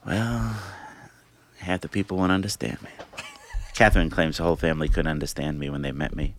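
Deep-voiced New York Italian man. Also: steady tone, brisk, fairly bright tone, a little hiss or hum. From Staten Island, New York. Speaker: guest. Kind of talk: casual interview storytelling.

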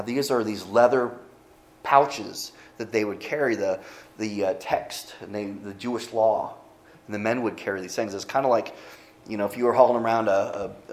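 A man giving a conversational sermon as pastor, animated, with joking asides and frequent restarts, speaking from a church pulpit. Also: medium pitch, reverberant.

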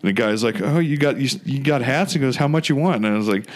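A man's voice: mid-range voice, fast. A man hosting a casual chat, rambling and swearing, acting out little quoted exchanges.

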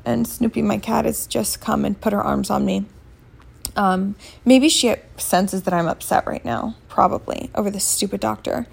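Blunt woman in her thirties with vocal fry. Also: mid-range voice, steady tone, normal speed. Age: 30s. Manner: candid, blunt, swears freely. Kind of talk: casual storytime vlog. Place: sitting up on a bed at home.

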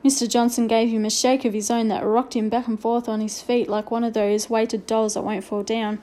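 A woman narrating a children's storybook aloud in a clear, expressive way. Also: a little high, normal speed.

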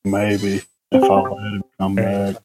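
A man in casual podcast chat, unhurried and blunt, tossing in quips and questions. His voice is dry and close to the mic, with no room sound around it. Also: low voice, completely flat delivery, a little mellow, husky, no room sound, faint music behind. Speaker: podcast co-host.

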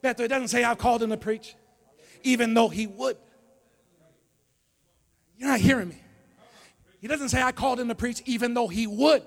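A man preaching a sermon as pastor to a congregation in a church, calling out to the listeners and swinging from low talk to shouting. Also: moderate pace, pauses often. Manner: call-and-response preaching, dropping low then building to shouts. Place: church sanctuary before a congregation.

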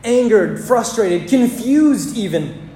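A pastor preaching a sermon in a church, with dramatic pauses and emphatic repetition, recorded with a roomy church echo. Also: medium pitch, expressive, dark tone, faint music behind.

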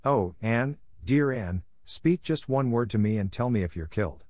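A man's voice: mid-range voice, expressive, normal speed, darkish tone, no echo, studio quality, close to an everyday voice. A man voicing an anxious young girl in a storybook, pleading and alarmed for her best friend.

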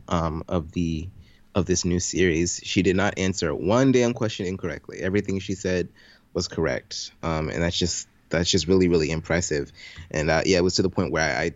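Low-voiced man on a dull, dry mic. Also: no echo. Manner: relaxed, speaks with ums and repeats. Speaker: podcast co-host. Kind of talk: casual podcast recap chat.

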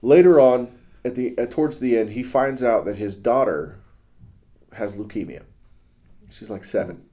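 A man's voice: mid-range voice, normal speed, dark tone. A man hosting a podcast, telling a story in a casual, earnest way, often restarting his sentences as he goes. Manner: religious. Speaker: podcast host. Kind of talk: casual chat.

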